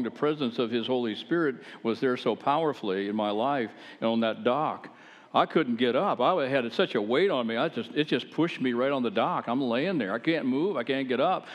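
A man preaching, telling his own testimony in a folksy, animated, conversational way with self-deprecating humor. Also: medium pitch. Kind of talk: folksy storytelling sermon. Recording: long hall reverb.

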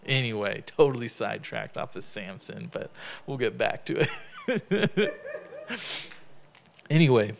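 A man leads a relaxed Bible study in an easygoing, talkative way. He laughs often and acts out the stories in quick bits of dialogue. His voice sits at an ordinary middle pitch for a man. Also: gravelly. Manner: chatty, laughs often, retells stories in lively quoted dialogue. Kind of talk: casual Bible study teaching.

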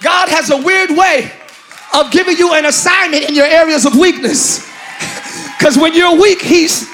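A man preaching a sermon in an animated, slangy, joking style, with loud delivery. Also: very high-pitched, unhurried, a faint crowd.

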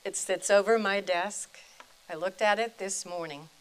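An older woman, a retired chaplain and preacher, telling a personal faith story in a deliberate, reflective way. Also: mid-range voice, clean tone, rough recording.

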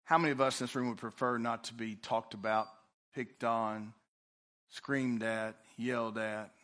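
A man preaching a sermon in a church, reading scripture aloud and swinging between loud emphasis and quiet, drawn-out lines. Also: medium pitch, steady tone. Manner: preaching with rising and falling intensity. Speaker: pastor.

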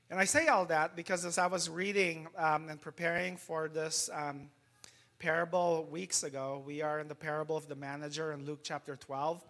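A man's voice: a little high, pushed and bright. A middle-aged man, a pastor giving a casual, conversational sermon with many fillers, still tired and with a lingering cough.

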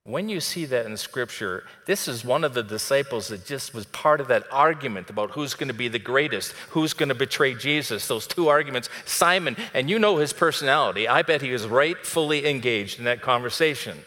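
A man preaching a sermon in a conversational way, dropping soft and then rising to emphatic. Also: medium pitch, expressive, a little fast, hardly any pauses, in a large hall. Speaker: pastor.

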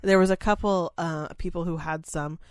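A woman's voice: fairly low pitch, fairly even intonation, normal speed, no echo. A young woman who works in memory care, chatting casually and candidly on a podcast, rambling and swearing freely.

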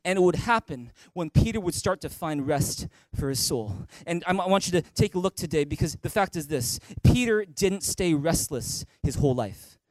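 A man preaching a sermon as pastor in an animated way, building to emphatic peaks and asking the listeners direct questions. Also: a little high, moderate pace, hardly any pauses, no echo. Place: church stage.

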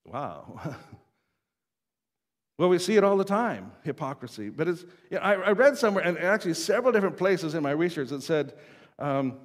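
A man with a fairly high voice preaches to his congregation, chatty and easygoing, chuckling as he acts out quoted voices. His words trail off into a long, reverberant hall. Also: very animated, moderate pace. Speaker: pastor. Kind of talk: sermon.

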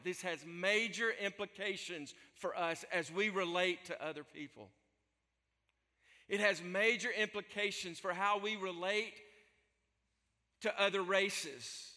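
Male pastor, emphatic repetitive preaching, bright forceful tone, reverberant hall. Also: high voice. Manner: emphatic preaching with repeated phrases. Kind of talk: sermon.

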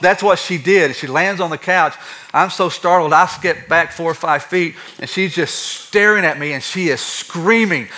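A man preaching a sermon, telling personal stories in an animated way, swinging between quiet and loud. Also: a little high, moderate pace. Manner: animated, acts out stories with shifting loudness. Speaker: pastor.

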